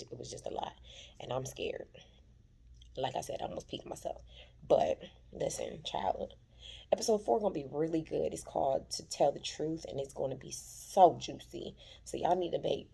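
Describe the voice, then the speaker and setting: Woman, husky, gravelly, chatty TV recap, dramatic storytelling. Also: deep voice, mellow. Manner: chatty, dramatic retelling, calls listeners "child". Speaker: TV recap vlogger. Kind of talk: casual TV episode recap. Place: at her workplace.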